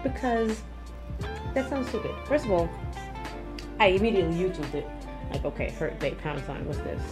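A young adult woman co-hosting a podcast in casual chat, brash and profane, laughing often and mocking people in silly voices. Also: low voice. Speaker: podcast co-host.

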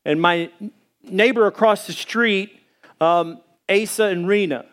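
A man's voice: slow, fairly bright tone. A middle-aged man preaching a sermon as a pastor, telling stories in a conversational way with many fillers and hesitations. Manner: acts out quoted voices in a higher pitch.

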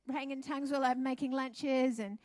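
A middle-aged woman, a pastor's wife, telling her testimony at a church service in a chatty, animated way. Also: high voice, fairly quick, no echo, clean studio sound. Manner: chatty, animated storytelling with laughs.

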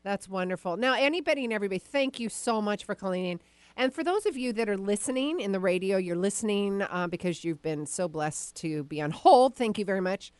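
A woman's voice: mid-range voice, animated, brisk, a little mellow, clear, resonant tone, no echo. A woman hosting a call-in psychic radio show, chatty and enthusiastic as she takes callers. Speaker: psychic medium host.

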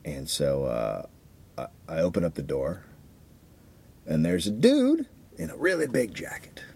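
Animated, husky-voiced man telling a story. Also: low voice, measured pace. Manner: animated, profane, acts out quotes. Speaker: podcast co-host. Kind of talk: casual storytelling chat.

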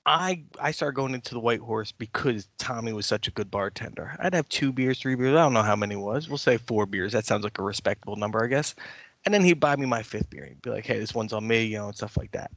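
An older man co-hosting a podcast, telling stories in an animated way and swearing freely in casual chat. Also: mid-range voice, fast talker, no echo. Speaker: podcast co-host.

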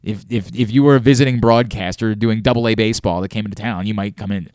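A man's voice: on the low side, fairly even intonation, quick pace, a little mellow, dry recording, clean studio sound. A man hosting a sports talk show, ranting animatedly about mispronounced names with mock outrage. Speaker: sports radio host.

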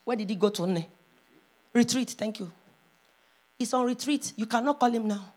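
A pastor's wife preaching a sermon, moving from hushed storytelling to loud, impassioned calls. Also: female voice, a little high, normal speed.

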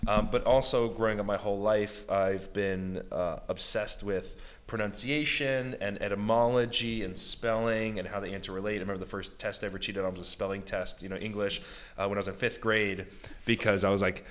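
A man's voice: on the low side, steady tone, fairly quick, fairly bright tone. An American man chatting enthusiastically as an interview guest, with lots of "like" and "you know". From United States. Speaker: beatboxer and guest. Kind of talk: casual interview chat.

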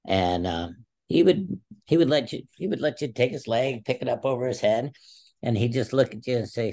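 A man's voice: medium pitch, animated, moderate pace, creaky, a little mellow. A man in his sixties, a former Olympic wrestler, telling stories in an interview with emphatic, rambling speech. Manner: rambling, emphatic, many restarts. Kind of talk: storytelling in a casual interview.

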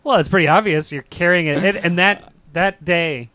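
A man co-hosting a podcast in casual chat, teasing his partner with quick interjections on a close mic. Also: sits high, bright, forceful tone, dry recording. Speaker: podcast co-host.

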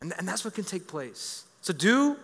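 A man in his thirties delivers a sermon in a high, bright voice. He jokes with the congregation and circles back on his words. The sound rings through a large church hall with a long reverb. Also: normal speed, vocal fry, slightly rough. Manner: energetic, joking, repeats words. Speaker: pastor.

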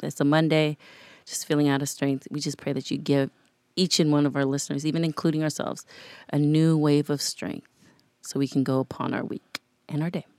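A woman's voice: sits low, darkish tone, no echo. A woman co-hosting a podcast, speaking in an earnest, supportive way, leading a prayer and chatting casually. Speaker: podcast co-host. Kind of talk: casual chat and spoken prayer.

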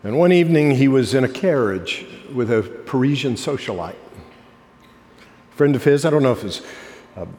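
A man preaching a sermon as pastor, telling a story, then building to impassioned emphasis before dropping soft. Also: medium pitch, expressive, moderate pace, long pauses. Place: church sanctuary. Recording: long hall reverb.

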